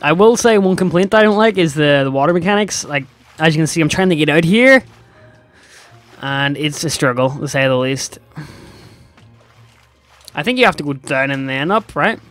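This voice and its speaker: A young man giving sarcastic, excitable let's-play commentary to his viewers. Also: a little high, normal speed, pauses often, faint music behind. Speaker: gaming YouTuber.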